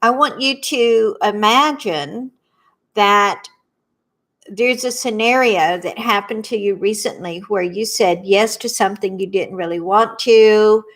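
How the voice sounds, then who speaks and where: A middle-aged Southern woman with a middling pitch and fairly bright tone leads a tapping workshop. Her cadence is slow and soothing, and she leaves room for viewers to repeat her phrases after her.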